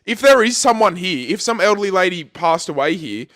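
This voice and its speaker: A young Australian man co-hosting a podcast in casual chat, animated and full of swearing and "bro". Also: high-pitched, brisk, no echo, clean studio sound. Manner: animated, swears a lot, keeps saying bro. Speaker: podcast co-host.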